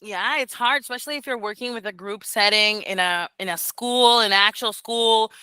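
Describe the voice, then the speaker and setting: A woman mentoring beginner English teachers on a video call, animated and laughing often as she talks casually. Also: on the high side, normal speed, smooth, no echo, low-quality recording.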